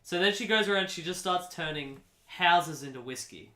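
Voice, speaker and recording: Bright, animated man in an echoey room. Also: high voice, normal speed. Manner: animated, deadpan nonsense told as fact. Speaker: podcast co-host. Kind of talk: comedic improvised storytelling.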